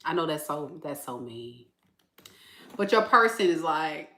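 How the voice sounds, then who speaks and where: A woman's voice: deep voice, a little slow, roomy sound. Laughing, sassy tarot reader woman. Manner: animated, laughing, sassy slang. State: tired. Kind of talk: casual live tarot reading.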